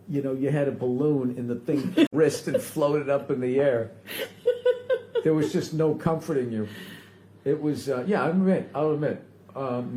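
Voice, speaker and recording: A man's voice: mid-range voice, dark tone. A man hosting a casual podcast chat, teasing and blunt, swearing freely, with a Boston accent. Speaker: podcast host. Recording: echoey room, faint background noise.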